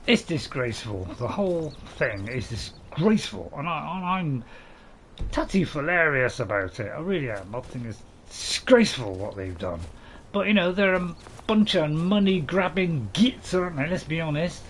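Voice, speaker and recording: A chatty, middle-aged man talks to his stream chat as he plays, his voice sitting a little higher than most men's. He rambles good-naturedly, jokes and restarts his sentences. A faint hiss runs underneath. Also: very animated, normal speed. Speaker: gaming streamer. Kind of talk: casual live stream chat while playing.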